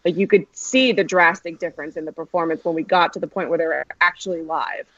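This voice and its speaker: A woman guest chatting casually on a podcast, with quick reactions. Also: lowish voice, a bit bright, no room sound, muffled recording. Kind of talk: casual chat.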